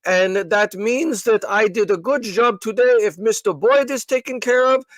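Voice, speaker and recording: A man doing a chipper, robotic male phone-support agent, raised a notch above his own voice and stretched out slowly and mechanically. Every line comes out in stiff, scripted courtesy. The sound is dry and close. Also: high voice, no echo, pitched above the performer's own voice, natural voice. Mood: earnestly devoted. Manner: slow, overly polite, mechanical delivery. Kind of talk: comic impression in podcast chat.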